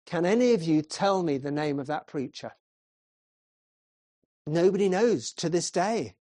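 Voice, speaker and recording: A man preaching a sermon in a measured storytelling voice, asking his listeners questions. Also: on the high side, lively intonation, a little mellow, no room sound, clean studio sound.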